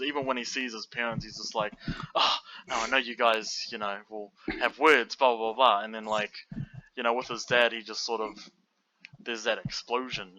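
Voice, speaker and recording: A man co-hosting a casual film podcast, loose and full of fillers. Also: slight background noise. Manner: loose and animated, many fillers, jumps high when mocking. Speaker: podcast co-host. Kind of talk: casual chat about films. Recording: dull lo-fi audio.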